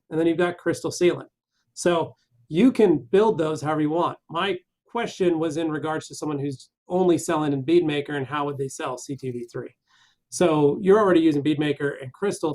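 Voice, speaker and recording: A man on a live question-and-answer stream, reading out viewer comments and answering them in a relaxed, rambling way. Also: fairly high pitch.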